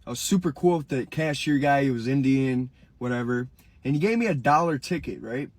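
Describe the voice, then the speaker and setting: A man's voice: mid-range voice, animated, brisk, dry recording. A man casually telling a dream story in a laid-back way, adding spoken sound effects as he goes. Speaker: TikTok creator.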